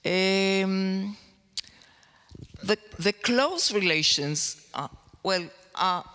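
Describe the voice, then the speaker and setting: Woman panel guest, slow and careful, bright smooth tone, reverberant hall. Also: medium pitch, expressive. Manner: slow, careful report with trailing fillers. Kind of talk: panel discussion.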